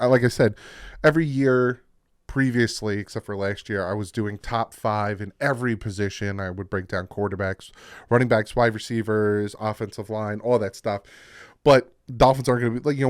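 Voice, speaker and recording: A man's voice: lowish voice, fairly even intonation, normal speed, no echo, clean studio sound. A young man with a New Jersey accent and a congested, sick voice, rambling casually as a sports talk host. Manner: rambling, self-interrupting.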